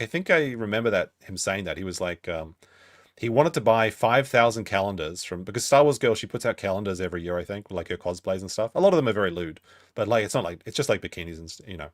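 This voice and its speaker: Sardonic man with a lively, low voice. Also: no echo, clean studio sound. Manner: mocking, sardonic. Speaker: commentary streamer. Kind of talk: reaction commentary.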